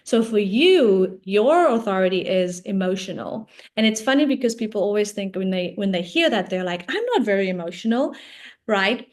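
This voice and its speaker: A woman's voice: mid-range voice, expressive, moderate pace. A woman coach, a guest on an interview show, explaining ideas in a casual, talkative way, often checking in with "right?".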